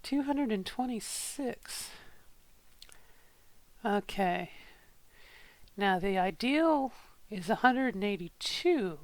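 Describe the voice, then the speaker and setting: A woman's voice: medium pitch, no echo. A middle-aged woman in a casual vlog, thinking aloud in an unsure way and often restarting her sentences. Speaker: vlogger.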